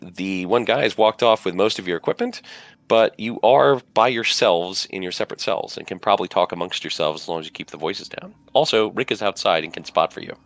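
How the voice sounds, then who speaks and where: A man's voice: low-pitched, fairly quick, no room sound. A man narrating a tabletop game as game master, rambling along with many fillers and asides.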